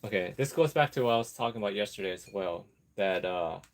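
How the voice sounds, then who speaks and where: A man's voice: on the low side, expressive, fast talker, a little hiss or hum. A man vlogging in a rambling casual chat, digressing and laughing often while he works on an apron. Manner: chatty, digressive, laughs often, easily distracted; talks while sewing an apron.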